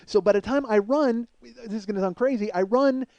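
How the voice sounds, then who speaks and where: A high-pitched middle-aged man recounts a wild story in a solo podcast monologue. He swears constantly and throws himself into the quoted lines. The sound is dry and close, with no room around him. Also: normal speed, no room sound, lo-fi sound. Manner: profane, heated, acts out quotes loudly. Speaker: podcast host telling a personal story.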